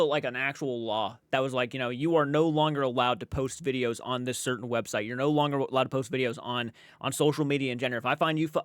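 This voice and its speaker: A man's voice: fairly high pitch, a bit bright, dry recording, studio quality. A man giving casual, blunt reaction commentary, exasperated and swearing freely.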